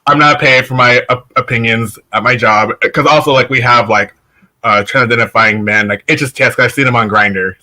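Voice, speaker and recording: A man's voice: mid-range voice, fairly even intonation, a little fast, bright, forceful tone. A man talking as a guest on a casual show, telling stories loosely with many fillers. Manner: chatty, lots of "like", laughs while telling stories. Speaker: podcast guest. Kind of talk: casual conversation.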